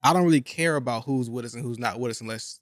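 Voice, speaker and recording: A young man hosting a podcast, talking in a casual, animated and profane way, repeating points for emphasis. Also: medium pitch, fast talker, no echo, clean studio sound. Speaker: podcast host. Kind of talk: casual chat.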